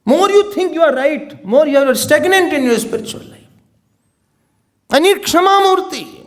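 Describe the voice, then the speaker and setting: A male swami delivers a sermon in a remarkably high voice. His pitch swings widely as he teaches, and he often breaks into chuckles. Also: normal speed. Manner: animated teaching, often laughing, mixing in Hindi and Sanskrit terms. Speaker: swami giving a spiritual talk.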